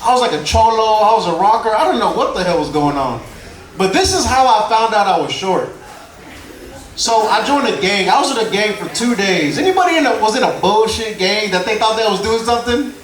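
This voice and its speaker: A man's voice: sits high, expressive, brisk, far from the mic. A young man from Houston doing a stand-up comedy set, loose and conversational, laughing at his own punchlines. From Houston, Texas. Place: comedy club stage before a live crowd. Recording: roomy club recording with crowd noise.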